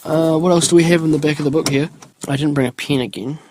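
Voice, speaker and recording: A man's voice: a little high, steady tone, quick pace, darkish tone, a little hiss or hum. A young man hosting his solo podcast in a rambling, laid-back way, full of ums and loose asides. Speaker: podcast host. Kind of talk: casual solo podcast chat.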